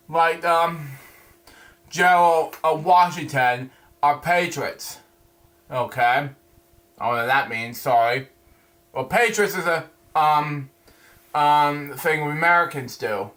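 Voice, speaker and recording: A man reviewing a comic book, reading it aloud haltingly, stumbling over words and adding his own asides. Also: on the high side, pushed and bright.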